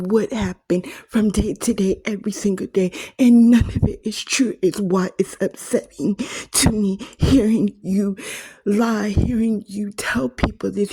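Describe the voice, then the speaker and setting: A distressed woman delivers a slow, accusing monologue, stacking one repetitive list onto the next. Her voice is husky and dark, and it keeps sinking into a rough whisper. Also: mid-range voice. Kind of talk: emotional monologue to camera.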